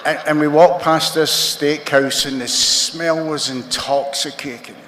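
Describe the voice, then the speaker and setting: Scottish guy in his 60s, slow wry jokes, big echoey hall, faint background hum. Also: fairly high pitch, fairly even intonation. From Scotland. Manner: wry, joking, self-mocking. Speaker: recovery meeting speaker. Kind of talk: comic storytelling talk to a crowd. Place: large convention hall.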